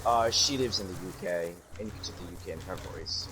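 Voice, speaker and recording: A man's voice: low voice, brisk, noisy background. A man chatting casually as a guest on a stream, talking hesitantly and trailing off. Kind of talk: casual chat.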